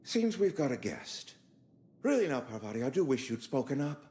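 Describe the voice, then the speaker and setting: A man's voice: mid-range voice, sing-song, moderate pace, mellow, close to an everyday voice. An actor playing a pompous, fussy male colony administrator in a video game, speaking in an overly formal, florid way. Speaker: outpost administrator.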